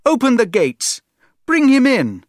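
A man's voice: high-pitched, slow, no room sound, studio quality, pitched above the performer's own voice, full character voice. A man voicing a proud young boy prince who gives orders and talks eagerly, in a storybook reading. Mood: commanding. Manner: orders loudly, lively and eager.

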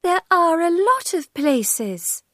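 Storybook girl, curious and cross, voiced by a woman, sharp, petulant lines. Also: very high voice, sing-song, slow pace, no echo, studio quality, voice pushed up, exaggerated voice.

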